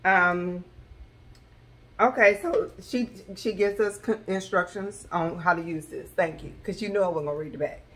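A woman vlogger, chatting excitedly to her viewers from her home kitchen. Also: on the low side, normal speed, slight background noise. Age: adult with school-age children. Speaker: vlogger sharing a grocery haul. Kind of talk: casual chat to camera.

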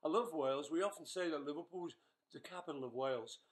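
A man's voice: on the high side, fast. An older man answering fan questions in a casual live webchat, playful and chatty as he reads each question aloud.

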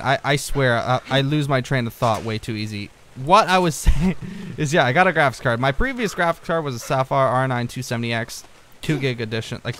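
A young man giving casual let's-play commentary, rambling and easily distracted, breaking into excited outbursts at what he finds on screen. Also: medium pitch. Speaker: gaming video creator.

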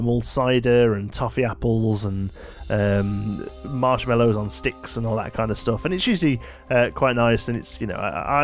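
A tired man rambling through casual gameplay commentary late at night, with plenty of fillers and asides. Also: mid-range voice. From United Kingdom. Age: adult, married. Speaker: let's play host.

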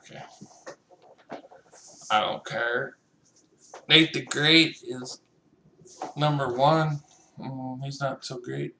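A man's voice: mid-range voice, steady tone, slow pace, vocal fry, long pauses, pushed and bright, roomy sound. A young man giving casual, joking gameplay commentary, profane and chatty as he talks to the other players.

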